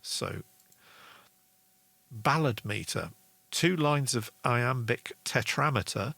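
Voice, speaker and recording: A man's voice: mid-range voice, slow pace, vocal fry, a bit bright, no echo. A man hosting a casual songwriting lesson, chatty, reading out viewer comments. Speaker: songwriting show host.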